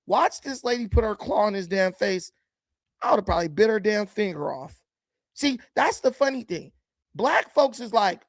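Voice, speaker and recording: A man with a high, expressive voice reacts to video clips at a normal pace, delivering blunt, combative commentary and often mocking the people on screen. His loudness swings suddenly, and the recording has no room sound.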